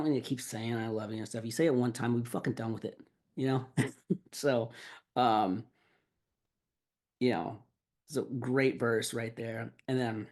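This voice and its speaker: A man's voice: medium pitch, creaky, darkish tone. Dude rambling on his podcast, lots of likes and you knows, swears a bunch. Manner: rambling, heavy filler words and swearing. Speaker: podcast host. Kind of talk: casual song breakdown.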